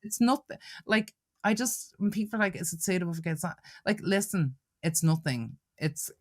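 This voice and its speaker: Guest, woman in her 40s, deep register, blunt and bawdy, quick laughs. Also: expressive, dry recording, clean studio sound. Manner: frank, profane storyteller who laughs often. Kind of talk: casual podcast chat.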